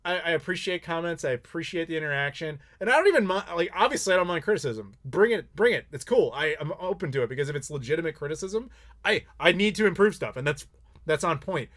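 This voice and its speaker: Candid, outspoken man with a higher voice. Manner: candid, blunt, swears freely, animated storytelling. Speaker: YouTuber host. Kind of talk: casual live Q&A chat.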